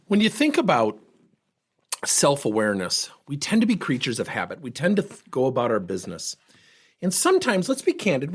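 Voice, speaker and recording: A husky, slightly breathy man hosts his own show and tells personal stories with a lively, swooping delivery. He speaks candidly, as a coach reflecting on his own behavior. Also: fairly high pitch. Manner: candid, animated storyteller. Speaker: podcast host and coach. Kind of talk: personal storytelling monologue.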